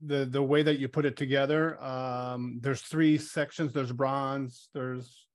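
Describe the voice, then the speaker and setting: A man from Canada speaking on a casual online call, halting and repeating his words. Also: medium pitch, fairly even intonation. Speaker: guest.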